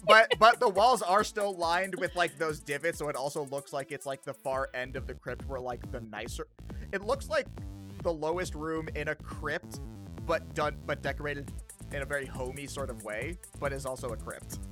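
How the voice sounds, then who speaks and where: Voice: medium pitch, normal speed, music in the background. A game master narrating a tabletop game, rambling with lots of fillers.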